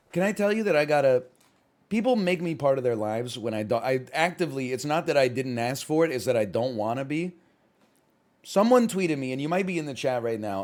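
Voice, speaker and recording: A man streaming live, chatting casually while he plays a game, rambling and often rising to loud outbursts. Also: medium pitch.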